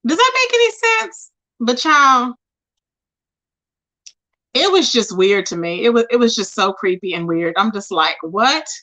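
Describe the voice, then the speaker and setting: Woman livestreaming, high voice, aave, gossipy and chatty with her chat. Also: lively intonation, a little slow, long pauses, sharp tone. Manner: chatty, talks to viewers directly. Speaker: livestream host.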